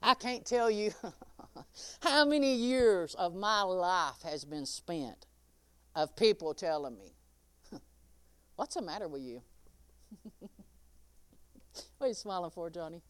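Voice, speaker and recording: A woman's voice: lowish voice, animated, slow, pauses often, clean tone, dry recording. A woman preaching a sermon, laughing often and calling out listeners by name.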